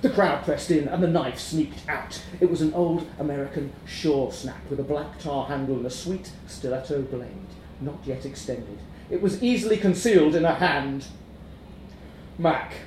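Wry man reading a dark comic story. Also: a little high, a little hiss or hum. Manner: wry, darkly comic delivery with chuckles. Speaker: narrator. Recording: roomy echo.

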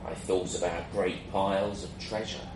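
A man's voice: sits low, steady tone, normal speed. A man narrating a first-person fantasy story in a wry, self-mocking way, in a roomy, distant, noisy recording.

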